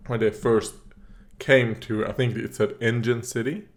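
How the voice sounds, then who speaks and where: A man's voice: medium pitch, fairly even intonation, slow. A man hosting a reaction video, chatting casually as he watches, rambling with fillers, coughing now and then and talking back at the screen. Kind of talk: casual commentary while watching.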